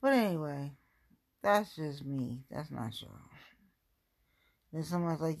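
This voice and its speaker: A woman's voice: low-pitched, lively intonation, measured pace, long pauses. A woman from the Cincinnati area chatting casually in a rambling, self-mocking vlog at home, firing off exasperated rhetorical questions. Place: at home, going through belongings.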